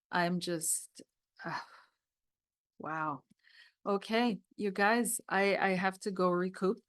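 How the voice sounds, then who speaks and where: Awed tarot reader woman, low voice. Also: dry recording, studio quality. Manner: emotional, awed, reading scripture aloud. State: tearful. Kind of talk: deck review with card readings.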